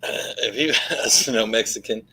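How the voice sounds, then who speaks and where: A man's voice: on the low side, moderate pace, sharp tone, slightly rough, rough recording. A man chiming in with short remarks during a casual chat.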